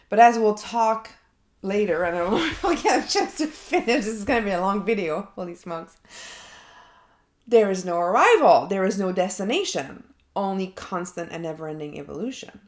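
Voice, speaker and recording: A woman's voice: mid-range voice, roomy sound. A woman coach talking herself through an unscripted coaching session, reflective and thinking aloud. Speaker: life coach. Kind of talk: unscripted self-coaching monologue.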